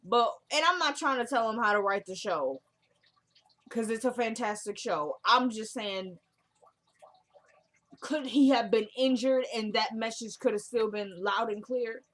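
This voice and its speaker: A woman's voice: a little high, unhurried, a bit bright. A woman recapping a TV drama episode in a casual, chatty, opinionated way. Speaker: TV show reviewer.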